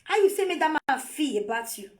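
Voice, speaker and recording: High-pitched Nigerian woman scolding on live. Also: very animated, a little fast. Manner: scolding, repetitive, lecturing. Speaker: vlogger. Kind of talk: live video commentary.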